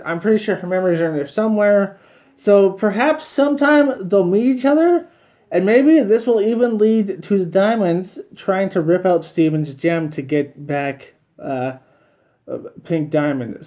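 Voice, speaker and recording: Guy with a high mellow voice rambling thru a cartoon episode review, repeats himself a lot, chuckles here n there. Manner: rambling, repetitive, chuckles between points. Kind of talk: casual video review.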